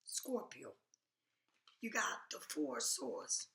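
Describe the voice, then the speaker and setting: A woman's voice: medium pitch, very animated, slow, creaky, long pauses, sharp tone, echoey room. A woman doing a casual tarot reading, talking bluntly and emphatically, now and then dropping to a whisper. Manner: blunt, emphatic, repeats "do you understand". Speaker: tarot reader.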